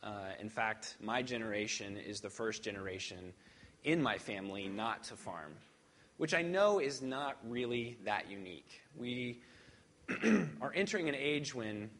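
Low-voiced pastor reading and preaching. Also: male voice, a bit bright. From rural Midwest farming family. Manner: measured reading, then conversational with fillers. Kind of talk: sermon with scripture reading.

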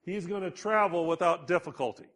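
A man preaching a sermon, slow and deliberate, building emphasis on key words. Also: high-pitched, a bit bright. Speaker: pastor.

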